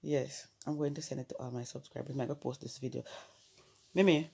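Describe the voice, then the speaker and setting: A woman's voice: extremely low pitch, steady tone, brisk, gravelly, darkish tone, husky. A young adult woman with a Jamaican accent, chatting casually at home in a family vlog, coaxing and laughing as she mixes patois, English and French. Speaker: family vlogger.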